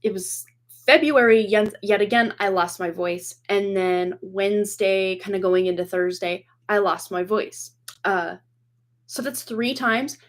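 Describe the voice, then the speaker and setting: A woman in her forties, a tarot reader hosting a livestream from home, chatting casually, rambling with many fillers and frequent laughs, her voice slightly hoarse from a cold. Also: medium pitch, unhurried. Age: 40s. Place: home room with dog toys and boxes behind. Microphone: computer webcam.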